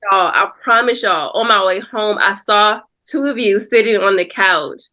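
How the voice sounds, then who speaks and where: A woman's voice: mid-range voice, normal speed, sharp tone. A woman guest on a faith podcast, speaking in a reflective, testimonial way and calling the host "girl.". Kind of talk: casual faith podcast conversation.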